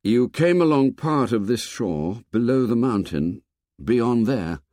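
Brief: an earnest, troubled boy chief, read by a man, lively speech, dry close sound. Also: medium pitch, slow pace, no echo. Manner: earnest, despairing.

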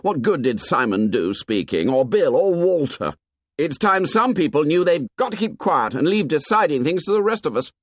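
Guy doing a bossy sneering boy hunter, pitched up, swings a lot. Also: big pitch swings, moderate pace, no room sound, studio quality. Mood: contemptuous. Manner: sneering, shouting. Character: aggressive boy hunter leader, contemptuous.

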